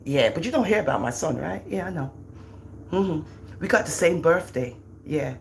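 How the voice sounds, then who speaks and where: Gravelly Jamaican woman, lively chat. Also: deep voice, normal speed, slight background noise. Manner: animated, teasing, boastful about her children. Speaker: livestream host. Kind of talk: casual livestream chat.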